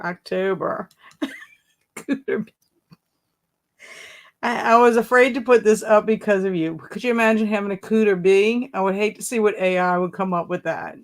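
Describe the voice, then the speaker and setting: A woman's voice: mid-range voice, vocal fry. A woman hosting a casual live stream, chatting, laughing often and reading viewers' comments aloud. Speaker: livestream host.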